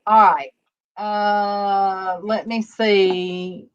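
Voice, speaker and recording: A woman hosting a casual faith-based livestream, telling stories slowly with many fillers over a video call. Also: medium pitch, steady tone, a little hiss or hum. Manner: rambling, warm storytelling with many fillers. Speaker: livestream host. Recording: dull lo-fi stream audio.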